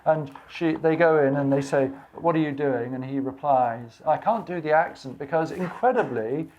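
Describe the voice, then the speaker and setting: A man's voice: fairly high pitch, normal speed, a little mellow, lo-fi sound, slight background noise. Hesitant man chatting at a book event. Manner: rambling, hesitant, full of restarts and fillers. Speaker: guest author. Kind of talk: live bookshop conversation. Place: bookshop event before an audience.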